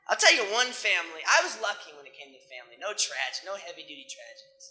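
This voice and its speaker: A young male comedian rambles through his set in a laid-back, slangy way, his voice bright and forceful. The recording is from an 1980s club with lots of room echo. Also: high voice, sing-song, fast talker. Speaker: stand-up comedian. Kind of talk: stand-up comedy.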